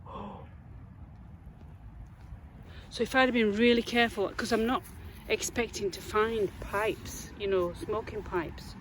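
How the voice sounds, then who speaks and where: A Yorkshire woman chatting to camera out in a muddy field, easily excited by what she finds. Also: mid-range voice, unhurried, pauses often, a little hiss or hum, low-quality recording. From England. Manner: chatty, easily excited, talks to herself and viewers. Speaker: metal detecting vlogger. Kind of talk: casual talk to camera while digging.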